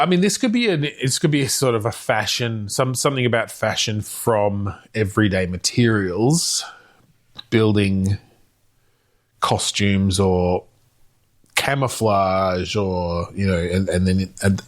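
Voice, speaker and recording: A man's voice: on the low side, unhurried. A man, co-hosting a casual chat and rambling through game ideas with lots of fillers and crude jokes. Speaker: podcast co-host.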